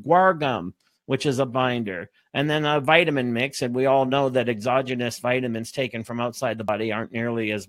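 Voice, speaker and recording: A man's voice: mid-range voice, dry recording. A man coaching in a live webinar, reading out food labels with sarcastic, exasperated commentary and calling his viewers folks. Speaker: fitness coach hosting a webinar.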